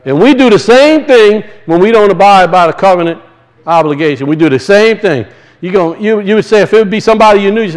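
Man, high-pitched, sermon, conversational, impassioned, slow deliberate scripture reading. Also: rough recording. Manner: impassioned, conversational preaching with drawn-out emphasis; reads scripture aloud slowly and deliberately. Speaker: preacher.

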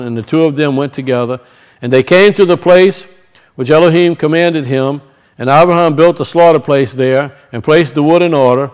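With a fairly high, clear and resonant voice, this preacher reads scripture at a slow pace before explaining it, often stopping to restart his sentences.

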